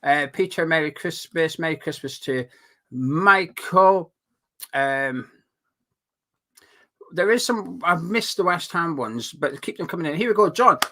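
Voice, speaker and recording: A man hosting a casual live stream from home, animated, swearing freely and reading out viewer comments. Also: fairly high pitch, unhurried, pauses often. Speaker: host. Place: home room.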